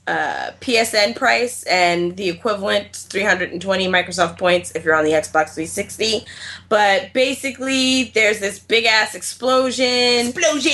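A woman with a bright, clear voice co-hosts a podcast, chatting casually and with animation. She swears freely and uses plenty of fillers. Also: medium pitch. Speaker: podcast co-host. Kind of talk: casual chat about games and films.

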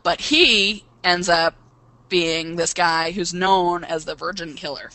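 A woman's voice: fairly low pitch, slow, sharp tone, slight background noise, low-quality recording. A woman chatting casually among friends, laughing often and trailing off into fillers. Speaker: podcast co-host. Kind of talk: casual chat.

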